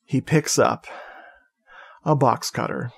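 Dude cohosting a movie podcast, excitable, swears a bunch, laughs a lot. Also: male voice, medium pitch, takes it slowly, vocal fry. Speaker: podcast co-host. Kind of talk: casual movie recap chat.

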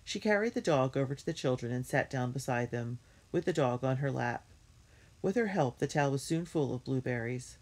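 A woman's voice: extremely low pitch, fairly quick. Woman reading a children's storybook aloud. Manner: steady, clear storytelling. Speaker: reader.

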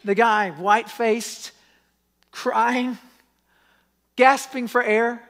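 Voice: medium pitch, fairly even intonation, extremely slow, a bit bright. A pastor preaching a sermon, telling stories with acted-out quotes and asking the congregation pleading questions.

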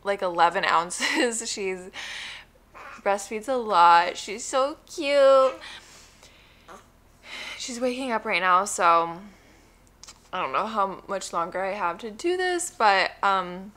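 A woman's voice: mid-range voice, expressive, slow, bright, forceful tone. A young woman and new mother chatting casually to her phone camera, rambling with plenty of likes and ums and a blunt streak.

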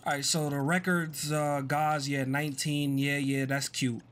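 A man giving casual, chatty commentary while playing a game, excitable and self-deprecating. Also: fairly high pitch, unhurried, slight background noise. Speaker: gaming streamer.

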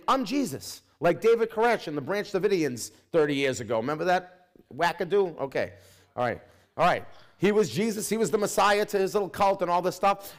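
A male pastor preaching a sermon in an emphatic, repetitive way, speaking straight to his congregation. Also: a little high.

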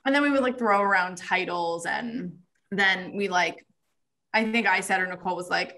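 Bright-voiced woman podcast guest. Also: mid-range voice, lively intonation, moderate pace. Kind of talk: casual chat.

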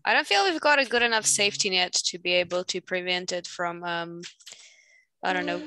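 A woman's voice: on the low side, a little fast, bright, forceful tone, clear, resonant tone, low-quality recording. A woman playing a tabletop game, tentative and questioning. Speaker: player. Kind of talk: casual play at a tabletop game.

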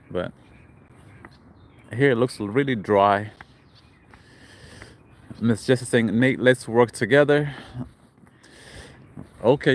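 A man's voice: medium pitch, a little hiss or hum. A man live-streaming from an outdoor park, chatting casually and reading viewer comments aloud as he walks. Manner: reads viewer comments aloud and greets them. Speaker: livestream vlogger.

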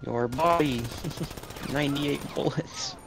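A man's voice: a little high, takes it slowly, gravelly. A young man chatting casually while gaming, wisecracking and laughing at his own jokes. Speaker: gamer. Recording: voice chat over loud game noise.

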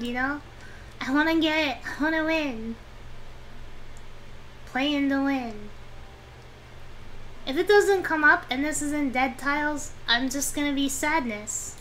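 Talking to herself about her moves, a young VTuber streamer sounds whiny and pleading in casual game commentary. The voice is high and fairly bright, slow, with long pauses, against slight background noise.

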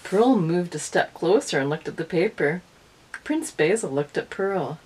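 Husky woman reading a picture book. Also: fairly low pitch, unhurried, poor audio. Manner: expressive read-aloud. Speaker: early-years storyteller.

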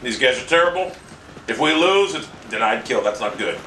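A man commentating his own shooter game match, ranting, swearing and yelling in frustration. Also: medium pitch, expressive, moderate pace, a little hiss or hum. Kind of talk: live gameplay commentary. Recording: roomy, distant mic with loud game gunfire.

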